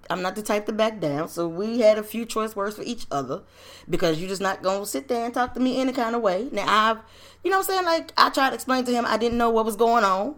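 A woman podcast host tells a true story from her life in an easy, street-smart way. Her talk is salty and full of asides and rhetorical questions. Her pitch rises and falls constantly as she talks. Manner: animated, slangy and profane, rhetorical questions. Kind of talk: casual personal storytelling.

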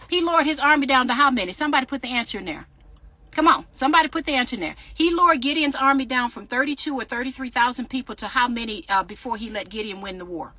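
A woman's voice: sits high, bright, forceful tone, no room sound. A woman podcaster and author preaching in a casual livestream from her parked car, talking straight to her viewers with fervor and reading out their comments. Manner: fervent, talks straight to viewers, reads out comments. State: sweating in a hot car. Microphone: phone livestream.

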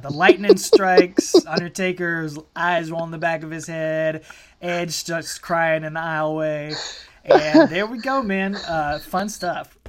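Co-host tossing in quick wry asides. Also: medium pitch, noisy background. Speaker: podcast co-host. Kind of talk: casual chat.

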